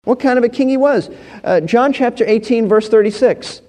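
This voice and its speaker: A man with a high, mellow voice teaches through scripture verse by verse, explaining each point and often doubling back on his words. His voice rings out with the long reverb of a large hall. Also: moderate pace. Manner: explanatory, repeats words and restarts phrases. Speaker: Bible teacher.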